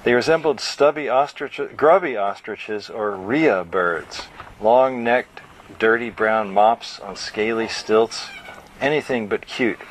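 A man reading his own novel aloud at a bookstore event, in a measured storytelling voice. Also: lowish voice, a little hiss or hum, low-quality recording.

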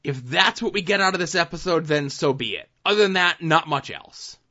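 Bright-voiced man recapping TV shows. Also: a little high, expressive, fairly quick, dull audio. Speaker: podcast co-host. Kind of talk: casual TV recap chat.

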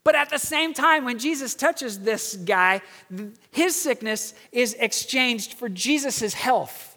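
A middle-aged man, a pastor, telling a story in an earnest sermon and slowing down for emphasis. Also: very high-pitched, expressive, bright, forceful tone, big-room sound.

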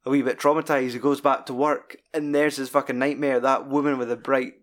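A man's voice: medium pitch, fairly quick. A man with a Scottish accent chatting casually about films, rambling and swearing often. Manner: sweary, rambling and animated retelling. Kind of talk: casual film chat.

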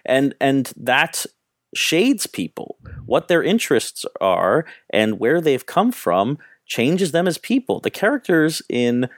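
A man's voice: medium pitch, very animated, slow, no echo, clean studio sound. A man co-hosting a podcast, talking about films in a casual, opinionated and emphatic way. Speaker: podcast co-host, film critic. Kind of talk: casual film review chat.

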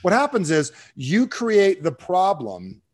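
A middle-aged man coaching on sales and dating talk in a casual podcast chat, acting out sample pitches as he goes. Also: huge pitch swings, slow, crowd noise. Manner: demonstrates scripts, shifting into a pitch voice. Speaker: sales and real estate coach.

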